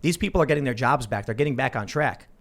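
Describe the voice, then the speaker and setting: A man hosting a political talk show, telling stories in an animated, self-interrupting way. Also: mid-range voice, fast talker. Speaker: podcast host.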